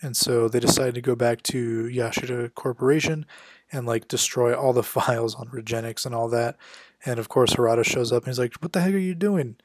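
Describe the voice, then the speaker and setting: A man giving a casual spoken recap of a comic book issue, quickly voicing the characters' lines as he goes. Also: medium pitch, level tone, no echo, studio quality. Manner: conversational, acts out characters' lines with quick quotes.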